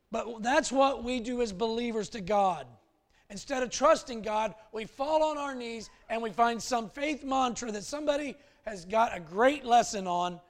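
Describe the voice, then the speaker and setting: Brief: male pastor, fairly high voice, storytelling sermon, shifts between hushed and loud. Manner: animated, swings from hushed to loud.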